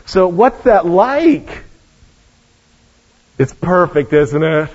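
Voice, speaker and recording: A man's voice: high-pitched, slow, long pauses, breathy edge. A man preaching a sermon as a guest preacher, telling stories with joking asides. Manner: lively storytelling with joking asides. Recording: dull lo-fi recording.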